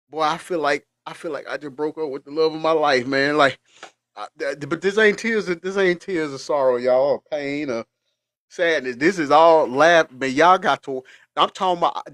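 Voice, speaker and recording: A man's voice: fairly high pitch, dry recording, clean studio sound. A man hosting a casual reaction show, laughing hard, teary and sniffling as he talks to his viewers. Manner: laughing hard, animated, chatty. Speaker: host.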